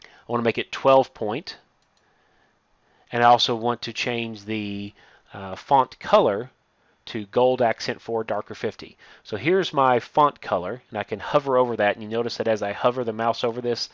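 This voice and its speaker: A man teaching a step-by-step software lesson, reading each instruction aloud and then explaining it as he works on screen. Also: mid-range voice, normal speed, dry recording. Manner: reads steps aloud, then explains while clicking. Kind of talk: software tutorial walkthrough.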